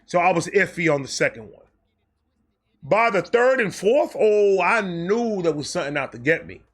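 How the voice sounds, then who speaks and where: A man telling a comedic personal story as host, animated and profane, acting out quotes along the way. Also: high voice, moderate pace.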